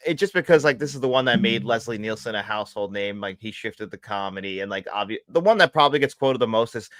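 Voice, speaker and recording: A man's voice: fairly low pitch, animated, fast, fairly bright tone, dry recording. A man co-hosting a casual live talk show about films, who laughs often and acts out lines he quotes. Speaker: co-host.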